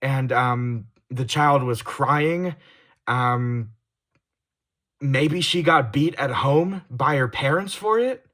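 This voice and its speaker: A young man confides in his viewers in a vlog, his voice at a middling pitch. He gets heated and swears bluntly, then drops into quiet, stumbling apologies with restarts that trail off. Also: takes it slowly. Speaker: YouTuber. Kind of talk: confessional vlog monologue.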